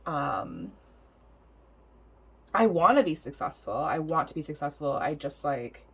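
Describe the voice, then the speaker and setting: Young woman tarot reader, low register, very lively pitch, rambling and giggly, casual swearing. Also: a little slow, slightly rough. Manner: chatty, rambling, laughs often, swears casually.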